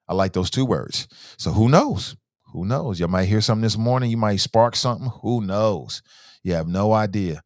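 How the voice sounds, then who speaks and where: A man's voice: on the low side, lively intonation, moderate pace, no room sound, clean studio sound. A middle-aged man hosting a casual morning talk show, rambling along and repeating phrases for emphasis. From Cincinnati. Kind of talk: casual live-stream talk.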